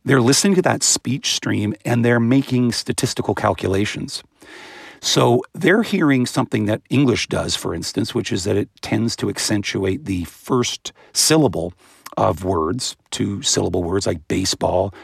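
Gravelly low-voiced man explaining with animation. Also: dry recording, clean studio sound. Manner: animated, imitates baby sounds with high-pitched bursts. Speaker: guest expert on voice and language. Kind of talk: explanatory interview answers.

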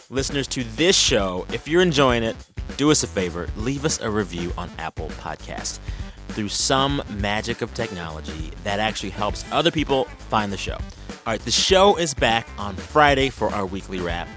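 A man hosting a podcast, chatting in a friendly way with his guest and then closing the show. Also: fairly low pitch. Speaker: podcast host. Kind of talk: conversational interview and show outro.

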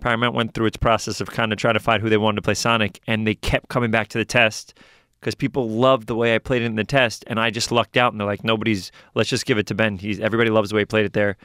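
A man, a voice actor telling stories in an animated, fast-talking way during an interview. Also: lowish voice, clear, resonant tone, no echo, studio quality. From New York. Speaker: voice actor guest. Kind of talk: casual interview talk.

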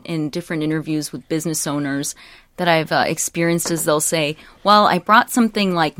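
A woman asks questions in a friendly, encouraging way, with a lowish voice. Her tone is warm toward her guest as she interviews. The sound is dry and close to the mic. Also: no room sound. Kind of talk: interview conversation.

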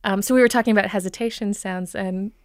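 A woman from Minnesota talks through accent coaching in a calm, explanatory way, pausing on thoughtful ums. Her voice is smooth and clear. The sound is dry and close. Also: medium pitch, no room sound. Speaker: dialect coach. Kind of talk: conversational interview.

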